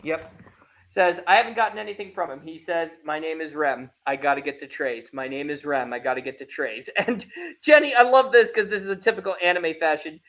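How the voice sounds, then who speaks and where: A man with a fairly high speaking voice hosts a relaxed anime discussion. He retells episodes with lively energy and acts out the characters' dialogue as he goes. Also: a little fast. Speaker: podcast host. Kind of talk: casual anime review chat.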